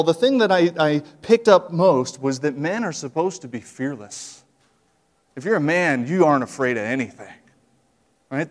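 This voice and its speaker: A middle-aged man delivers a sermon in a relaxed, folksy manner, tossing in frequent asides to his listeners. His voice sits a little higher than most men's. A long reverb trails each phrase, as in a large church hall. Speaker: preacher.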